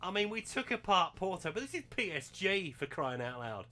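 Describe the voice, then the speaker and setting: A man hosting a gaming channel, giving excitable live commentary on a football management game and bursting into shouts and laughter at big moments. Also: high-pitched, moderate pace, soft background music.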